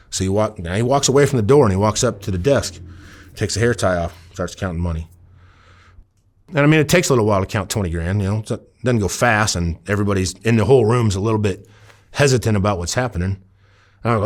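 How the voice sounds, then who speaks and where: Middle-aged man, low voice, vivid storyteller who acts out the quotes. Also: fast talker. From Iowa. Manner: vivid, dramatic retelling with acted-out quotes. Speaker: former undercover officer. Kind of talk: storytelling interview.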